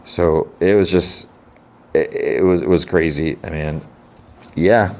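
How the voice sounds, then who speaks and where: Low-voiced man rambling about TV. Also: fairly even intonation, slow pace, darkish tone. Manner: rambling, thinking aloud. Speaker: podcast co-host. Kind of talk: casual TV chat.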